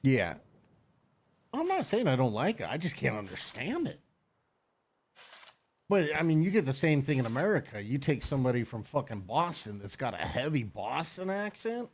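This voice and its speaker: A man's voice: mid-range voice, big pitch swings, moderate pace. A middle-aged man hosting a game stream, chatting in a loose, rambling way. He is blunt and swears freely as he riffs with his friends. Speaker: streamer host. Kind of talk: casual chat on game stream.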